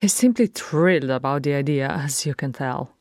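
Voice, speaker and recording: A woman voicing a weary, sardonic male dwarf in a fan fiction reading, speaking flatly and sarcastically. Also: low voice, moderate pace, dry recording, clean studio sound. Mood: sarcastic. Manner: flat, sarcastic.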